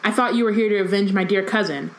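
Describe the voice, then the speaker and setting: A woman's voice: medium pitch, fast, natural voice. A woman voicing a taunting, cruel witch in a mocking singsong while reading a book passage aloud. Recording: echoey room.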